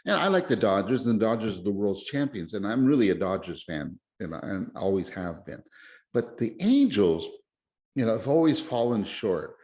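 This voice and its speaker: A man chatting casually as a podcast host, rambling and excitable with many restarts. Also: fairly low pitch, moderate pace. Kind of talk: casual chat. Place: lives in Japan.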